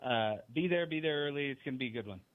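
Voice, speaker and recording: A man calling in as a team broadcaster, chatting in a relaxed way with frequent restarts. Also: medium pitch, fast. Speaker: team play-by-play broadcaster, guest. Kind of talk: casual radio chat. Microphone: phone call-in. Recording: tinny phone line.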